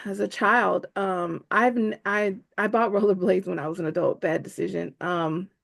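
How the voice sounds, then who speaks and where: A woman co-hosting a casual book club chat, expressive and playful with quick quips. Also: medium pitch, vocal fry.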